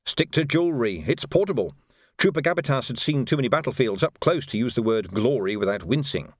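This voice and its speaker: A man narrating an audiobook in a wry, expressive storytelling manner. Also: medium pitch, brisk, dry recording, studio quality. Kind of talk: scripted narration.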